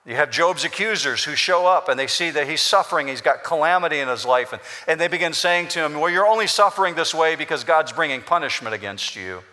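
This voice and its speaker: A man's voice: on the high side, expressive, quick pace, hardly any pauses, pushed and bright. A man preaching a sermon as pastor, explaining scripture in an emphatic, repetitive way in a church. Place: church sanctuary. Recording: long hall reverb.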